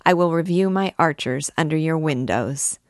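Casting: female reader voicing a swaggering young soldier, low voice, dry close sound. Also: dry recording, natural voice. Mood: boastful. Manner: boastful, quick, rising to loud outbursts. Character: brash swaggering young male army captain.

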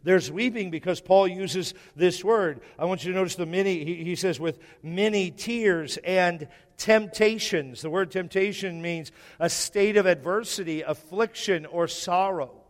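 A man's voice: high-pitched, moderate pace, few pauses. A male pastor preaching a sermon in a church hall, repeating key phrases and putting questions to the congregation. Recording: echoey hall.

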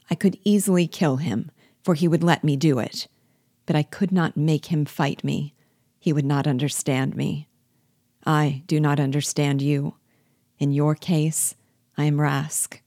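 A woman reading aloud the lines of an earnest, proud man who pleads to be trusted, in a measured, grave way. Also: deep voice, dark tone, no echo, studio quality.

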